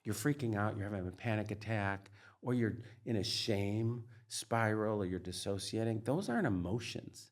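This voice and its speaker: A middle-aged man with a slightly low voice talks openly as a trauma expert guest. He is earnest and emphatic, circling back with "like" and "you know" as he explains. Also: animated, normal speed, few pauses. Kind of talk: candid interview conversation.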